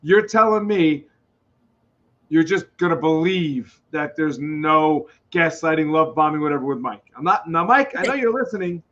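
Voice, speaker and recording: A man with a notably high voice co-hosts a live talk show. He argues back and forth and coughs now and then from a seasonal cough. The sound is dull and lo-fi. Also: animated, moderate pace, fairly bright tone. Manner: coughing, argumentative. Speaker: co-host. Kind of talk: live podcast chat.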